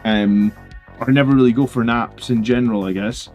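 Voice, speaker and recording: A man's voice: medium pitch, a little fast, soft background music. Tired man rambling casually on stream. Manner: rambling, filler-heavy, relaxed. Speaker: hobby channel host. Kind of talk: casual livestream chat.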